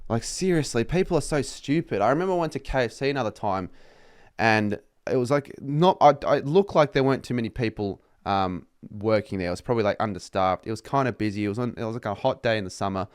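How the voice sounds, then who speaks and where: A man's voice: mid-range voice, animated, quick pace, clean tone, no room sound, clean studio sound. Sweary young Australian man ranting. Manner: sweary, exasperated, mocking customers in put-on voices. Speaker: vlogger. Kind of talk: casual rant to camera.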